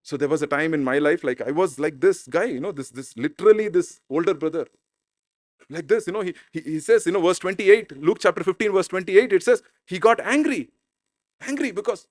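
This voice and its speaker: A man's voice: high voice, brisk, no echo. A man preaching a sermon as pastor in an informal, conversational way. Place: church.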